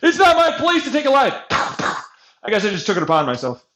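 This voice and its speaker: A man ranting with profanity over gameplay, swinging between shouted mockery and low mutters. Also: huge pitch swings, normal speed.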